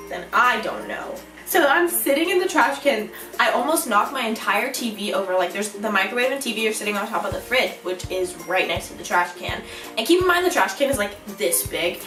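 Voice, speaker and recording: A young woman vlogger telling a storytime in an animated, giggly way, acting out her own shouts. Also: mid-range voice, distant mic. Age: young adult. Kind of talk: storytime vlog. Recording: echoey room, a bit off-mic, music behind.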